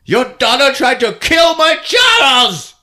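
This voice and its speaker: A man's voice: extremely high pitch, sing-song, a little slow, creaky, a bit bright, slightly rough, voice pushed up, exaggerated voice. A man voicing a vengeful mother with a sickly sweet, polite manner that turns menacing. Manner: sugary politeness turning to screaming rage.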